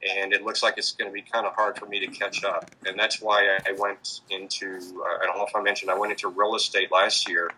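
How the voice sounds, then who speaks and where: A man's voice: deep voice, flat delivery, fairly quick, hardly any pauses, sharp tone, a little hiss or hum, rough recording. A man answering interview questions about his street performing, hesitant, with many fillers and restarts. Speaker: street performer in mobster costume.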